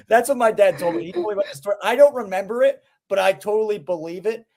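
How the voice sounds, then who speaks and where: A man co-hosting a casual sports podcast, telling a rambling, animated story. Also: sits high, brisk. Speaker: podcast co-host.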